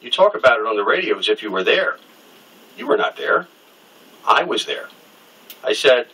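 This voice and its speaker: A man's voice: mid-range voice, very animated, normal speed, long pauses, pushed and bright, breathy edge, distant mic, rough recording. A middle-aged man telling a personal story in an interview, candid and wry, acting out the people he quotes.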